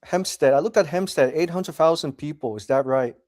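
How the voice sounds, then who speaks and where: A man's voice: fairly high pitch, fairly quick, a little mellow, no room sound, studio quality. A man chatting casually on a livestream, asking questions and repeating himself.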